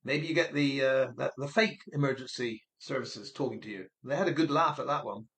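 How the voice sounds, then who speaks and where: A man's voice: mid-range voice, fairly quick, a bit bright. A man talking through theories in a musing, speculative commentary monologue, now and then acting out other people's words. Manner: musing, speculative, acts out quoted voices. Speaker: online commentator.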